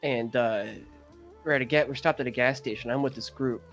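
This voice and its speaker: A young man on a podcast, casually retelling a dream in a rambling, animated way, full of fillers and throat-clearing. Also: medium pitch, fairly quick, faint music behind. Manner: animated, gets excited retelling. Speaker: podcast co-host. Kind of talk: casual storytelling.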